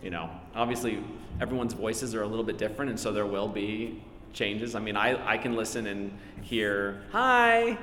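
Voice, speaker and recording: A man's voice: lowish voice, steady tone, moderate pace, fairly bright tone, a little hiss or hum. Chatty, self-deprecating man at a convention panel. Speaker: voice actor, panel guest. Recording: echoey hall with faint crowd ambience.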